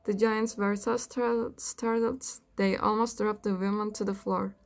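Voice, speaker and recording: A woman narrating a satirical fairy-tale audiobook in a wry, deadpan reading. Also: medium pitch, normal speed, vocal fry. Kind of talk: comic storybook narration.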